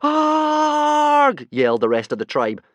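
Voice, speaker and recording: A man narrates a children's adventure audiobook. His delivery rises and falls in a lively, animated way. The sound is dry and close. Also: mid-range voice, moderate pace, no room sound. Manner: lively, voices many characters. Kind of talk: expressive audiobook reading.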